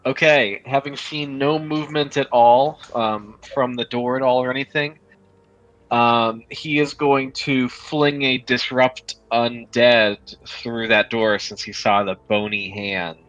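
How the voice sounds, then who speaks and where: A man's voice: mid-range voice, steady tone, takes it slowly, a bit bright, muffled recording. A man playing a tabletop game, making wry remarks and describing his character's actions. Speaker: player. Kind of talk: casual tabletop play.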